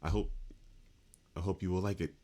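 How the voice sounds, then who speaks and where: A man reading aloud as a gloomy teenage schoolgirl narrator from a game, in a flat voice. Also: low-pitched, moderate pace, lightly acted. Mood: quiet, downcast.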